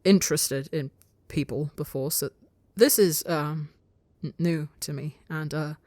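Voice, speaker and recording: A woman's voice: deep voice, a little slow, a little mellow, no echo. A woman voicing a shy, stammering young male insect-like creature who talks hesitantly and flustered.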